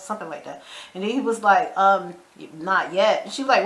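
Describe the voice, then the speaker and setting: A woman, casually recapping a TV episode in an animated way, acting out the characters' lines and adding her own side comments. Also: mid-range voice, a little fast, reverberant. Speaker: show recap vlogger.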